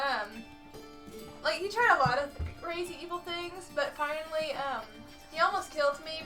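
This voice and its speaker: A woman voicing an eager, lonely young woman fighter who chats excitably. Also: high-pitched. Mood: rambling. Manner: chatty and excitable. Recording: distant mic, loud music.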